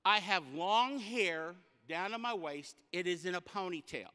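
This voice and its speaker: Male guest preacher, comic storyteller, high bright tone, long hall reverb. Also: measured pace, clean tone. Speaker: guest speaker. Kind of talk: humorous sermon storytelling. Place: church sanctuary.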